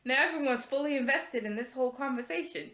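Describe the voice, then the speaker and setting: A woman co-hosting a casual podcast, telling a sassy, animated story and often laughing. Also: high-pitched, quick pace, echoey room. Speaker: podcast co-host.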